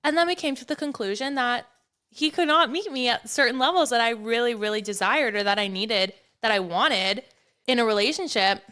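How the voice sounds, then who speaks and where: A woman hosting a podcast in casual conversation with a guest. She speaks in a reflective, heartfelt way, and her voice is a little higher than most. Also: a little fast, sharp tone, smooth. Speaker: podcast host.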